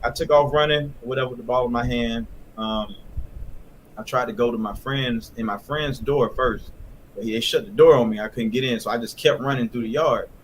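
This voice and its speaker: A man recounting a childhood memory in a plain, halting way, with many fillers. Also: mid-range voice, slight background noise. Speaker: guest. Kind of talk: casual storytelling.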